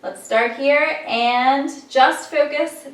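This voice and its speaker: A woman's voice: sits high, slow. A woman teaching a memory lesson in a patient, encouraging way, guiding listeners through a rhythmic chant. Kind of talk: classroom-style lesson. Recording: echoey room, distant mic, loud background noise.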